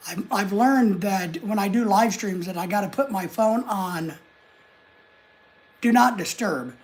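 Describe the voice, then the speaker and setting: This American man speaks in a high, unhurried voice while hosting a livestream from his home desk in the United States. The talk is casual live chat as he reads viewer comments aloud and says hello to commenters.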